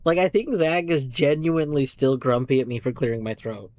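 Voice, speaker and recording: A man's voice: mid-range voice, lively intonation, brisk, a little mellow. A man streaming live, chatting casually and playfully, often talking fondly to his cats.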